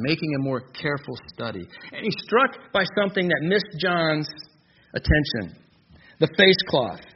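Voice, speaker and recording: A man with a slightly high voice preaches a verse-by-verse sermon, hammering home points through repetition. The recording sounds muffled and lo-fi, with a faint hiss behind him. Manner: emphatic, repeats key phrases for stress. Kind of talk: expository sermon. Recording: dull lo-fi recording with faint noise.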